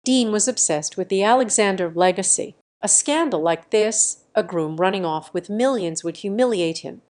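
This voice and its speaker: Steady woman narrating a drama story. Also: mid-range voice, moderate pace. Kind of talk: scripted first-person storytelling.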